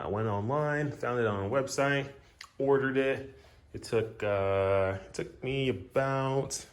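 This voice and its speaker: Deep-voiced easygoing man rambling. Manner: rambling, easygoing, lots of fillers. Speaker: car vlogger. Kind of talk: casual chat.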